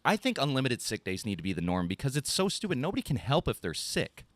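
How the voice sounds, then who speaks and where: A man's voice: medium pitch, big pitch swings, fast talker, no room sound. A man, telling a rambling story on a casual podcast, ranting and swearing freely. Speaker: podcast co-host.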